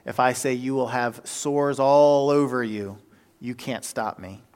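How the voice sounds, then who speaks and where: A man's voice: mid-range voice, steady tone, unhurried, a little mellow, smooth. A man preaching a sermon, telling a story with energy and plenty of fillers and self-corrections.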